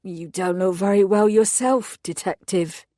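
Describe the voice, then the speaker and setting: A woman voicing a frail, croaking man in hospital. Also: medium pitch, a little slow, dark tone, no echo, studio quality, natural voice. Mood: weak. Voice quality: croaking, weak. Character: frail older man in a hospital bed, shaken.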